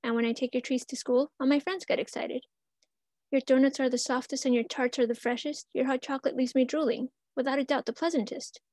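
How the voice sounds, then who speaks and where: An eager four-year-old girl chatters earnestly in rhyme, voiced by a woman reading aloud. Her voice is high and the sound close and dry. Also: fairly even intonation, a little fast, darkish tone, dry recording. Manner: earnest, pleading rhymed verse.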